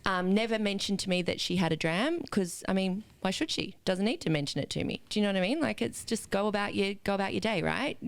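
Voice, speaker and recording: A woman, hosting a podcast and telling a lively, animated story full of casual swearing and fillers. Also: medium pitch, quick pace, gravelly, hardly any pauses, clear, resonant tone, dry recording. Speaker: podcast host and Pilates instructor.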